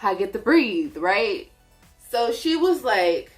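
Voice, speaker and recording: A woman's voice: medium pitch, big pitch swings, takes it slowly, soft background music. A woman vlogger telling a story in a casual way, acting out her own reactions as she goes.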